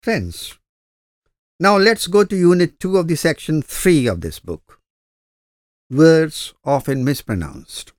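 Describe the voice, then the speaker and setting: A man teaching English pronunciation, reading out word lists with slow, measured, deliberate enunciation. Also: on the high side, lively intonation, dry recording, studio quality.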